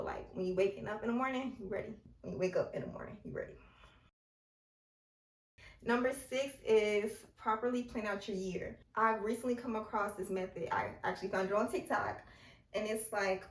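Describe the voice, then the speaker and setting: A young woman chats casually through her advice, leaning on "like" as she goes. Her voice sits a little back from the microphone. The room around her rings noticeably. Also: mid-range voice. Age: young adult. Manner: chatty and conversational, heavy use of filler "like". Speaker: vlogger giving self-improvement tips. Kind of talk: casual advice talk to camera. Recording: roomy and distant from the mic.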